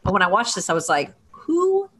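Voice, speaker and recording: A woman chatting casually as a podcast guest, enthusiastic and quick in banter. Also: mid-range voice, big pitch swings, fairly bright tone. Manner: enthusiastic, laughing, fast banter. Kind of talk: casual chat.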